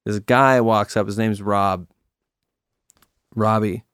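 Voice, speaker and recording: A man's voice: lowish voice, steady tone, takes it slowly, fairly bright tone, smooth, dry recording, studio quality. A young man hosting a podcast, casually telling a personal story and acting out quoted voices. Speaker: podcast host. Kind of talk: casual chat.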